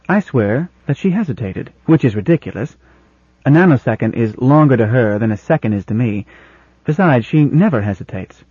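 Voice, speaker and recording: A man reading an audiobook as a first-person narrator, in measured, plain storytelling. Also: medium pitch, expressive, mellow, husky, no room sound, highs cut off.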